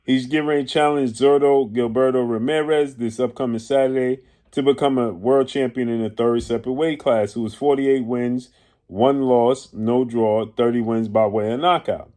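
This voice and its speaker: A man's voice: mid-range voice, steady tone, dark tone. Indignant man ranting about boxing. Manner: indignant, with rapid rhetorical questions; pauses to correct himself and grope for words. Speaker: boxing commentator. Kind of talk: opinion commentary to camera.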